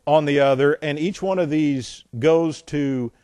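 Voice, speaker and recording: A man delivers a sermon, reading scripture aloud and breaking off into folksy asides. His voice sits a little high for a man, and he swings between loud emphasis and quiet remarks. The recording is dry and close, with no room echo. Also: unhurried. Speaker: preacher. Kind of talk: sermon, Bible exposition.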